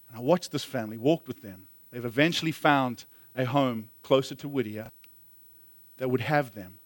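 A man's voice: medium pitch, normal speed, no echo. A man preaching a sermon as a pastor, earnest, often repeating phrases for emphasis.

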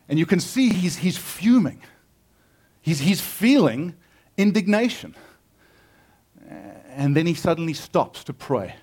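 A man preaching a sermon with a booming voice, reading scripture and then explaining it earnestly and emphatically, often restarting his phrases. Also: sing-song, a little slow, pauses often, a little mellow, husky. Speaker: pastor. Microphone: amplified on a sound system.

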